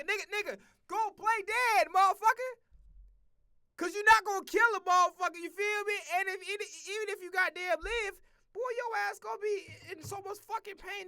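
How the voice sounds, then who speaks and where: A streamer with a bright, forceful voice and a middling pitch, ranting in a loose, profane and animated way, tripping over his own words. His voice is recorded dry and close on a desk mic, with no room sound. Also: no room sound. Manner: profane, animated, rambling with restarts. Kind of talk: casual reaction rant.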